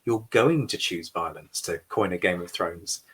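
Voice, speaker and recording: A man's voice: deep voice, moderate pace, fairly bright tone, a little hiss or hum. A man hosting a history podcast livestream, giving opinionated commentary with dry sarcastic asides. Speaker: podcast host. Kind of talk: livestream reaction discussion.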